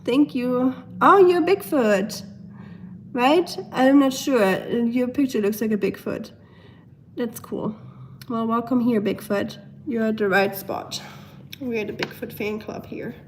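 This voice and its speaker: A young German woman with a German accent, a bit hoarse from a cold, chatting casually on a home live stream, reading viewer comments and talking to her pets. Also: fairly high pitch, takes it slowly, slight background noise. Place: at home, indoors.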